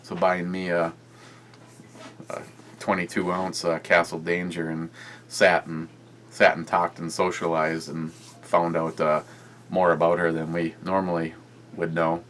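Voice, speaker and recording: A man with a very low voice talks casually into his camera for a beer-review vlog. He rambles, trails off and restarts his sentences, padding them with fillers. A faint hum sits underneath. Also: monotone, measured pace, pauses often, fairly bright tone.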